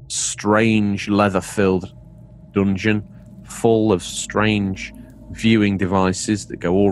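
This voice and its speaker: A man co-hosts a podcast, chatting casually and reading out game release news between laughs. His voice is lowish and playful, with a little hiss or hum in the background.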